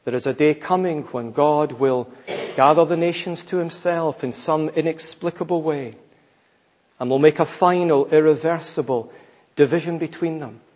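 A man preaching an expository sermon, slow and emphatic, his voice trailing softly at the ends of phrases. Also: on the high side. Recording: dull lo-fi sound with long hall reverb.

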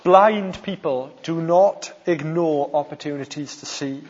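A man's voice: fairly high pitch, a little slow, a little mellow, husky. A man from South Wales with a Welsh accent, preaching a sermon with emphatic stresses on key phrases. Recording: long hall reverb, dull sound.

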